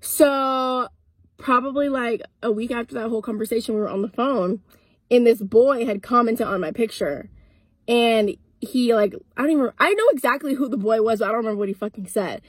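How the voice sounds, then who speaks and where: A woman's voice: a little high, a little fast, breathy edge, no room sound. An eighteen-year-old woman telling a storytime vlog in a casual, blunt way, swearing freely and acting out both sides of old arguments. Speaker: content creator.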